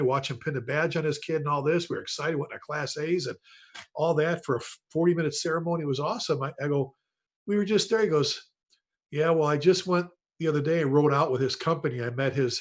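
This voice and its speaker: A man's voice: fairly high pitch, breathy edge. A man hosting a casual online panel chat on a video call, telling stories and addressing the panelists by name. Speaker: host, retired fire chief.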